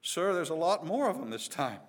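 A man voicing a twelve-year-old boy lookout who yells his warning. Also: a little high, moderate pace. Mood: alarmed. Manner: shouting, excited.

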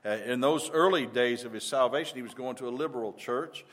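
An older male pastor delivers a sermon in a middle-pitched voice. He speaks earnestly and conversationally, stumbling and restarting phrases as he goes. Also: fairly quick, a bit bright.

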